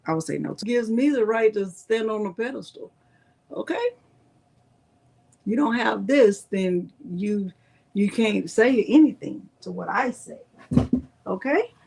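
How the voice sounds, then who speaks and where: A woman's voice: medium pitch, expressive, measured pace, vocal fry, darkish tone, breathy edge. A woman hosting a casual live-stream crafting tutorial, chatting with viewers and reading product labels aloud.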